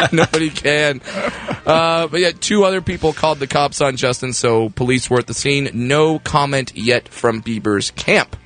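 A man's voice: mid-range voice, normal speed, a bit bright. A young adult man co-hosting a show, reading entertainment news in a joking casual chat and laughing often. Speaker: radio show co-host.

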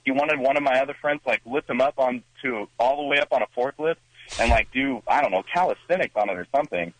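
A man's voice: mid-range voice, fast talker, dry recording, rough recording. A man calling into a radio show, telling an amused, rambling story full of fillers. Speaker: radio caller. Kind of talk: casual phone-in anecdote.

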